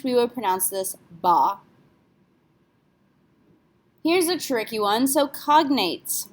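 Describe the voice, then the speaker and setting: A woman teaching a French pronunciation lesson in a slightly high voice. She explains patiently and spells words out letter by letter for her learners.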